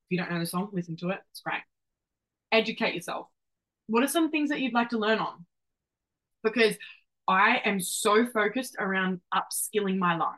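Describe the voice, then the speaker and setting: A woman's voice: mid-range voice, a bit bright, low-quality recording. A woman in her twenties hosting a solo motivational podcast, brash and casual, swearing freely and calling the listener babe. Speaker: podcast host.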